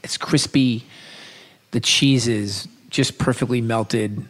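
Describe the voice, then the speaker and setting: A man with a New York accent co-hosting a podcast, telling food stories with enthusiasm and quick restarts. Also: mid-range voice, fairly even intonation. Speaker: podcast co-host. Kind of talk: casual chat.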